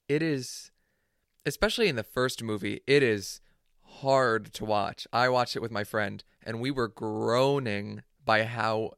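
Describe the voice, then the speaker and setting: A man's voice: medium pitch, fairly bright tone, smooth, dry recording, clean studio sound. A young man co-hosting a podcast in casual chat, playful and sarcastic. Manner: playful, sarcastic, mock-formal. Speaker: podcast co-host.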